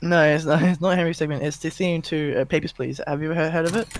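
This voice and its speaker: Higher-voiced man, halting chat. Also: steady tone, a little hiss or hum. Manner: hesitant, repeats words, chatty. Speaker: panel participant. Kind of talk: casual panel chat.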